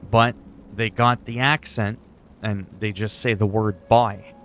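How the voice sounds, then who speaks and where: A man's voice: fairly low pitch, steady tone, unhurried, bright, forceful tone, slight background noise. A man streaming games, chatting in a rambling, joking way with some swearing. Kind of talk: casual chat while gaming.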